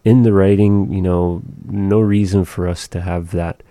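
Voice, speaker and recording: Deep, mellow male language teacher; slow, patient, demonstrates sounds. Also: fairly even intonation, no echo. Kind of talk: explaining pronunciation.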